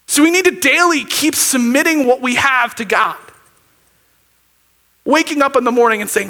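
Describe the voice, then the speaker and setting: A man preaching with a very high voice. He talks to the congregation in a loose, chatty way, checking in with "okay?" and rising to emphatic near-shouts. His tone is bright and forceful. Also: expressive, fairly quick. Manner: conversational, often checks in with "okay?". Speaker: pastor. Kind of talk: sermon.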